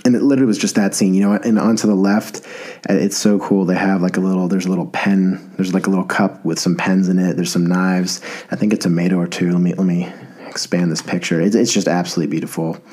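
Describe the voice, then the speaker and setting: A man's voice: low voice, fairly even intonation, fast, a little mellow, breathy edge. A man in his thirties hosting a podcast, rambling in an enthusiastic, self-deprecating way. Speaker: podcast host. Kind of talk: casual podcast monologue.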